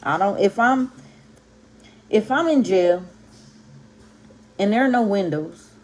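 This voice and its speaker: A woman's voice: mid-range voice, expressive, slow pace, a little hiss or hum. A woman talks straight to camera about scripture in a casual but fired-up way. She leans hard on key words, stretches out syllables and drops punchy street slang between her points. Her voice sits in an ordinary middle register. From Compton, California. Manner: emphatic, stresses and stretches words. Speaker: Bible teacher vlogger. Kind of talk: casual impassioned Bible talk to camera.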